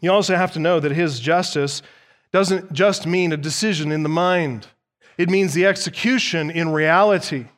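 Male pastor, high voice, emphatic sermon delivery with repeated key lines, long church-hall reverb. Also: normal speed, a bit bright. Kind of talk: expository sermon.

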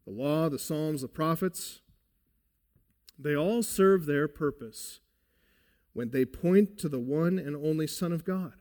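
Slow, emphatic male preacher. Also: a little high, a little mellow. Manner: deliberate, emphatic, addresses listeners as beloved. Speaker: pastor. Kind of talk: sermon. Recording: long hall reverb.

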